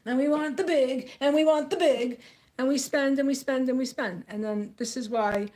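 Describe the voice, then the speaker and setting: A woman's voice: high-pitched, moderate pace, a little mellow. An American woman talking straight to camera in a blunt, outspoken rant, repeating phrases for emphasis. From United States. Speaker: vlogger.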